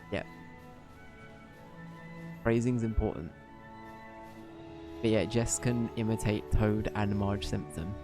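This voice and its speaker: A man streaming a game live, chatting with viewers in a giggly, self-deprecating way. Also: on the low side.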